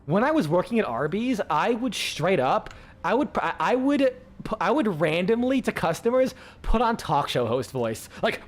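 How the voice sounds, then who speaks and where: A man's voice: high voice, sing-song, normal speed. A man chatting casually with his stream viewers, rambling, full of fillers and swearing freely.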